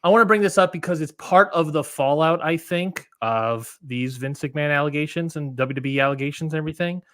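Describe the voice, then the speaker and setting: A man's voice: on the high side, a little fast, fairly bright tone, dry recording, clean studio sound. A man co-hosting a wrestling podcast in casual chat, rambling with lots of fillers and restarts. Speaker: podcast co-host.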